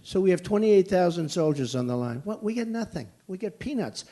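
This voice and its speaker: A man's voice: high-pitched, expressive, a little fast, mellow. An older American man fields questions at a political rally in a blunt, emphatic way, circling back to the same phrases. His voice sits a little above the usual male range. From United States. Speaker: presidential candidate at a rally. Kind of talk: campaign rally Q&A. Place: large indoor venue.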